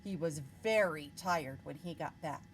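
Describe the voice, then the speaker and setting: A woman teacher reading a picture book aloud to children, stopping to ask them questions in an expressive way. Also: low-pitched, normal speed, a little hiss or hum, rough recording.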